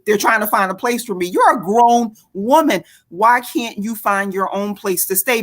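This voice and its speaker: A woman in a casual online commentary chat, animated and mocking, laughing often as she gossips. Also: medium pitch.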